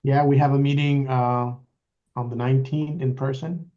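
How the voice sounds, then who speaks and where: Halting man over dull call audio. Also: medium pitch, level tone, warm tone. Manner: halting, with many pauses. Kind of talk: casual chat.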